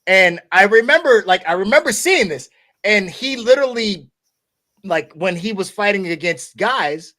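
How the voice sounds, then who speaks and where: A man's voice: sits high, expressive, normal speed, sharp tone. A man from the United States hosting a podcast in a loose, conversational way, with many restarts and "okay?" asides. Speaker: podcast host. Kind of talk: casual podcast discussion.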